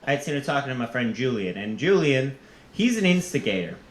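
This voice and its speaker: A man's voice: medium pitch, big pitch swings, fairly quick, echoey room. A man telling a comic personal story on stage, self-mocking and often breaking into laughter.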